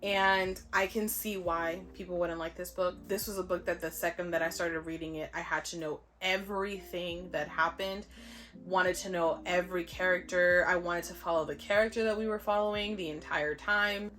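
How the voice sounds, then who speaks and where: Blunt, sweary young woman with low voice. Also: steady tone, normal speed, a bit bright. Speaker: book vlogger. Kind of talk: casual book review chat.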